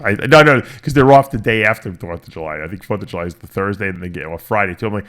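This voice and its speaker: Animated man telling stories. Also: on the low side, fast. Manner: animated storytelling, swearing, acting out quoted voices. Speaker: podcast host. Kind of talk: casual chat.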